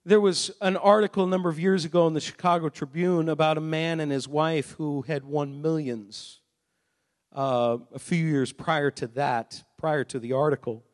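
A male pastor preaching a sermon, swelling from steady talk into loud, emphatic passages. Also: a little high, normal speed, long reverb tail.

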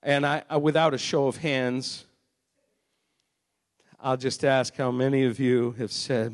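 A male pastor preaching a sermon, swelling from steady talk into loud, emphatic passages. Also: medium pitch, measured pace, pauses often, in a large hall.

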